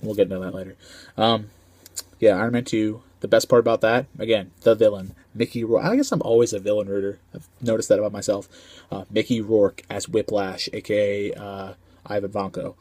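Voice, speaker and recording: Casual male movie reviewer, slangy and rambling, lowish voice, dry recording. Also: fairly even intonation, a little fast, a little mellow, no echo. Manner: slangy, rambling, lots of filler ums.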